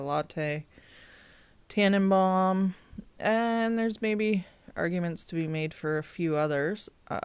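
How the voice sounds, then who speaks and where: A woman hosting a casual mobile game review, chatty and quick to laugh. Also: lowish voice, smooth, no room sound. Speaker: game guide host.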